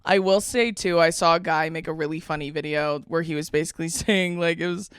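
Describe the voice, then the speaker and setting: A woman's voice: sits low, steady tone, a little fast, clean tone, no echo, clean studio sound. A young woman co-hosting a podcast in casual chat, laughing often and swearing freely. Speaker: podcast co-host.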